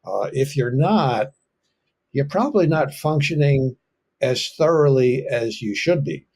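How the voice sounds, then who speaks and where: A man who serves as a fire officer, a guest in an interview, speaking calmly with halting restarts. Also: mid-range voice, husky. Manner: calm and measured, with halting restarts. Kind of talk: casual interview talk.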